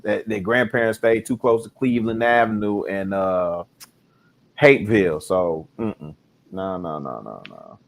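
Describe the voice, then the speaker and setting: A middle-aged man with a Chicago accent talks in a relaxed, rambling way, with plenty of fillers along the way. His voice sits a little low. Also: measured pace, vocal fry. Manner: laid-back, rambling with fillers and restarts. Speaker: podcast co-host. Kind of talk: casual chat.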